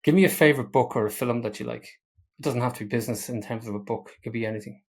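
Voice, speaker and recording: A man's voice: mid-range voice, fast, husky. Friendly podcast host, man. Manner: friendly, teasing questions, repeats words. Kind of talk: casual interview chat.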